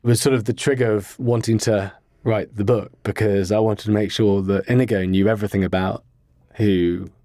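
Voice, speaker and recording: A man guest on a podcast, earnestly telling a personal story in a rambling way with pauses and fillers. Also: on the low side, steady tone, warm tone, dry recording, clean studio sound. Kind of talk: casual interview storytelling.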